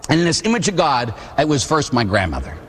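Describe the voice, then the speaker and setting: A man from Pittsburgh giving a Catholic testimony sermon, telling a personal story with comic, animated energy. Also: mid-range voice, fast talker, slightly rough. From Pittsburgh, USA. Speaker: Catholic preacher. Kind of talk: testimony sermon to a live audience. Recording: long hall reverb.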